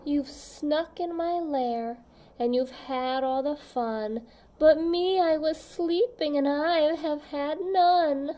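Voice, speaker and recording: A woman's voice: sits high, slow, warm tone. A woman voicing a grumpy, sad big male bear in a storybook, whining that he missed the fun.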